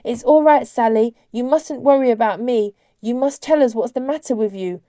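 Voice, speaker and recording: A woman's voice: fairly high pitch, normal speed, mellow, dry recording, clean studio sound, pitched above the performer's own voice, lightly acted. A woman reading aloud, voicing an earnest, emotional girl who pleads fervently with a ghost in a raised voice.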